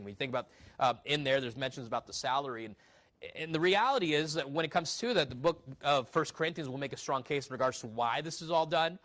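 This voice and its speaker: A man's voice: fairly high pitch, fast talker, fairly bright tone. A man, a pastor, preaching a sermon in a conversational teaching manner, reading scripture aloud and asking rhetorical questions.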